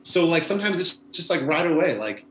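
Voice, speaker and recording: A man's voice: a little high, lively intonation, fairly quick, roomy sound, slight background noise, poor audio. A man, a former bike messenger, chatting casually and rambling with lots of fillers. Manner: rambling, laid-back, many fillers like "you know". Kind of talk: casual conversation.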